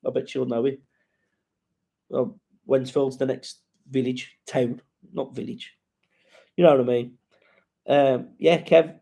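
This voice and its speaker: A man's voice: medium pitch, flat delivery, slow pace, vocal fry, long pauses, mellow. A man hosting a casual live-stream chat, rambling and sweary as he greets viewers and reads out their comments.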